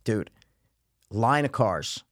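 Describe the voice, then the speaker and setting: A man telling a story in casual chat, profane and animated, loudly acting out what people said. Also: fairly low pitch, drawn-out words, dry recording, clean studio sound. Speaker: podcast co-host telling a story.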